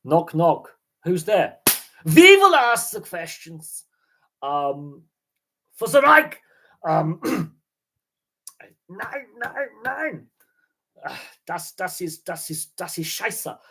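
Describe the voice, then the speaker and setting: A man's voice: high voice, very animated, drawn-out words, creaky, pauses often, pushed and bright, breathy edge, pitched above the performer's own voice, heavily acted. A man playing a barking German officer. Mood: stern. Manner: barked, clipped mock accent.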